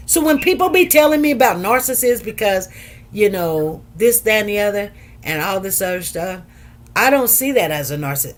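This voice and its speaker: A middle-aged woman hosting a show, telling a personal story in an emphatic, animated way and acting out what others said. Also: mid-range voice. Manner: emphatic, animated retelling with acted-out quotes. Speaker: show host. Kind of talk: casual chat storytelling.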